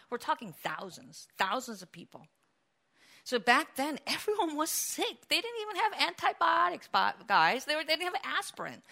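A woman preaching a sermon, telling a story with acted cries and shifts between loud calls and hushed passages. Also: sits high.

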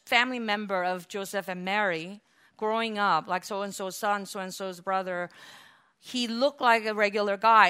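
Woman preacher, bright and fairly high voice, emphatic, with repeated punchy lines. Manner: emphatic, rising to loud repetitions with many fillers. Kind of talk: sermon.

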